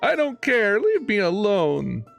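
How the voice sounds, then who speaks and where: A man's voice: sits high, huge pitch swings, slow, vocal fry, fairly bright tone, faint music behind, voice pushed up, full character voice. A man voicing a stubborn, grieving little girl in a game, reading her lines in a defiant, petulant way.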